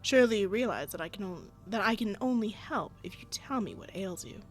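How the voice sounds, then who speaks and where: A woman voicing a polite, formal male doctor who reads his game lines in a measured, courteous way. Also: medium pitch, animated, soft background music, lightly acted. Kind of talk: reading game dialogue aloud.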